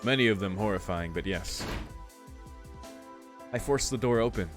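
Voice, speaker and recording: A man reads a visual novel aloud for his let's play, mixing the narration with casual, sometimes profane reactions. His voice sits low, and faint game music plays underneath. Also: moderate pace. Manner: casual, swears, breaks off to react.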